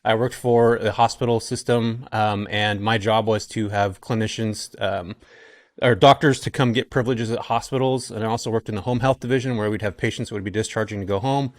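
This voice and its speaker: A man's voice: lowish voice, a little fast, no echo, studio quality. Laid-back chatty man in his forties. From California. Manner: relaxed, chatty storyteller, frequent "um" and "like". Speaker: guest. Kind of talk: casual podcast chat.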